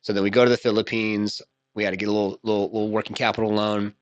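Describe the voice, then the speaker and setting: A man with a fairly low voice talks loosely on a podcast, piling up slang and swear words as his story rambles on. The sound is dry and close to the microphone. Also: little pitch movement, rapid-fire, no room sound, lo-fi sound. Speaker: podcast host. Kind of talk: casual podcast conversation.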